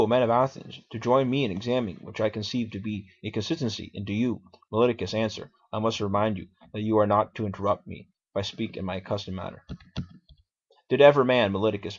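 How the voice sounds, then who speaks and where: A man's voice: lowish voice, natural voice. A man voicing an aged male philosopher defending himself in court, arguing and questioning in a dramatic reading on a dull lo-fi recording. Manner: argumentative, questioning.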